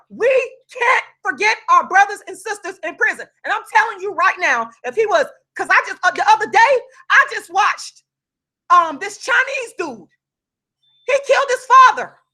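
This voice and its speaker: A woman giving heated, impassioned commentary on a video call, swearing and raising her voice, then pausing to apologize for yelling. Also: very high-pitched. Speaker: vlogger.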